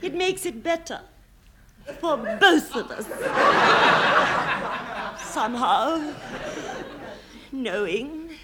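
A woman's voice: sits high, lively intonation, very slow, long pauses, very noisy, full character voice. A woman playing a melodramatic genteel lady lover in a parody romance, with an overwrought, swooning delivery.

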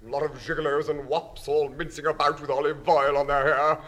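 An actor playing a blustering, bigoted English diner with a pompous, sneering manner in a comedy sketch. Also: male voice, fairly high pitch, little pitch movement, a little fast, a bit bright, natural voice.

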